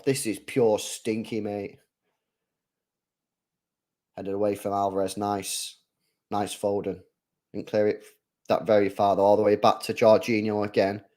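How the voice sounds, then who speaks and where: A young man giving live, slangy reaction commentary on a football match. He drifts between low mumbling and loud, sweary outbursts. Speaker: football watchalong streamer.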